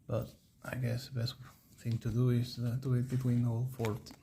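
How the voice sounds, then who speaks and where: Gravelly-voiced man streaming a card break. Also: medium pitch, monotone, normal speed, dark tone, slight background noise. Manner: chatty, rambling, reading off player names.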